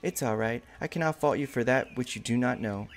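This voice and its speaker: A man voicing a calm, gentle female lizard gatherer in a game. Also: mid-range voice, fairly quick, pitched below the performer's own voice, close to an everyday voice.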